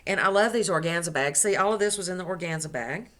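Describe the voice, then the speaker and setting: A woman's voice: on the low side, fast talker, fairly bright tone. A woman crochet vlogger chatting casually to the camera at home, gushing as she shows off her gifts and correcting herself as she goes. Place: at home indoors.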